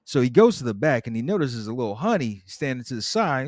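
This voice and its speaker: Lively man co-hosting, dry sound. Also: medium pitch, fast, no echo. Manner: lively storytelling with acted-out quotes. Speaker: podcast co-host. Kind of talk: casual chat recapping a TV episode.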